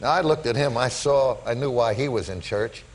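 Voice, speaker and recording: An older man, a talk show guest, telling animated stories about his life to the host. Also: medium pitch, a little fast, slight background noise, rough recording. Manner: animated storyteller, voice rising when excited. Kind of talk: storytelling in a talk show interview. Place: television studio with audience.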